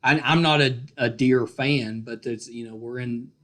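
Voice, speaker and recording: A middle-aged man with a Virginian accent hosting a casual podcast interview over a video call, chatty and joking, often trailing off softly. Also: mid-range voice, fairly even intonation, measured pace. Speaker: podcast host.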